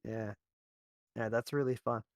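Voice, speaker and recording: A man's voice: mid-range voice, steady tone, a little slow, no room sound. A man hosting a tabletop gaming podcast, easygoing and friendly, laughing often and restarting his questions. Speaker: podcast host. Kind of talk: casual podcast interview.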